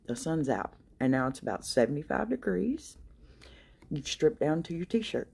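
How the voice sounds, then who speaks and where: A woman's voice: deep voice, very animated, moderate pace, gravelly, a little mellow, breathy edge. A middle-aged woman telling folksy comic stories in a wry, drawling way. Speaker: comedic storyteller. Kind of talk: comic storytelling monologue.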